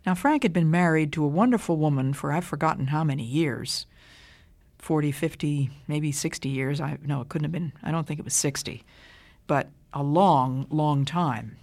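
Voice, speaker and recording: Older lady doing a radio bible talk, low voice, dry close sound. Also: darkish tone, no echo. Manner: measured, deliberate, emphatic delivery. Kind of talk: scripted radio devotional talk.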